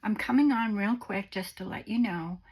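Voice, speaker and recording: A woman hosting a crafting vlog, talking gently and sentimentally to her viewers while unwell on antibiotics. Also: medium pitch, normal speed, husky. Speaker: crafting channel host. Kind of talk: casual vlog chat to viewers.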